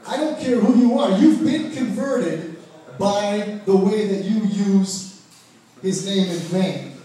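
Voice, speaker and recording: A man's voice: high voice, slow pace, mellow. A man from Ohio doing a crude, profane stand-up set on a comedy club stage, putting on mocking voices for the people in his jokes. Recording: very echoey club audio from far off.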